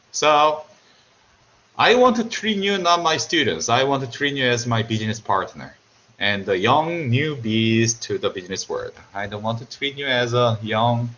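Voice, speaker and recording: Animated Korean-accented male lecturer. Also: medium pitch, muffled recording, slight background noise. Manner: joking, animated, repeats himself. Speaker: university lecturer. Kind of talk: remote university lecture.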